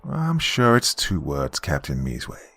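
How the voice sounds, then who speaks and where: A man voicing a weary, exasperated Army captain who speaks in a drawn-out, groaning way. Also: low-pitched, huge pitch swings, gravelly, dry recording, faint music behind, full character voice.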